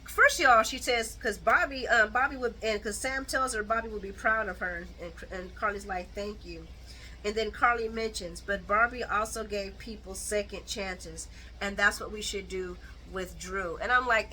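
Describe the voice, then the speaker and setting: Bright-voiced woman recapping, blunt and animated. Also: mid-range voice, normal speed, a little hiss or hum, low-quality recording. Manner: animated, blunt, colloquial, with mocking asides. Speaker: soap opera recap host. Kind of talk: casual chat recap.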